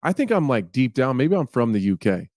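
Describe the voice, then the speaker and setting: A man chatting casually as a podcast co-host, excitable and swearing often. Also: mid-range voice, fairly quick, no room sound, clean studio sound. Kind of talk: casual chat.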